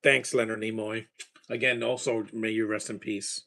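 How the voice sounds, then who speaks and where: A man's voice: on the low side, level tone, normal speed, vocal fry, pushed and bright. Chatty man rambling over a movie. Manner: chatty, rambling, enthusiastic about film scores. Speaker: movie watcher giving reactions. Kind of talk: casual movie-watching commentary.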